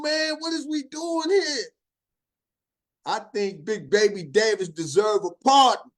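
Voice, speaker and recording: A middle-aged Chicago man hosts a podcast, delivering an opinionated monologue in a very high-pitched voice. He takes it slowly, telling stories in an animated, emphatic drawl punctuated by laughs.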